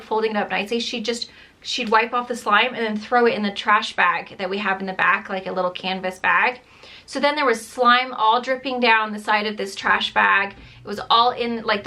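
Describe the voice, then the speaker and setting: A woman's voice: fairly high pitch, pushed and bright. A woman in her thirties, a mom vlogging in a rambling casual chat, with a dry throat. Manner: chatty, rambling, says "like" and "dude" a lot.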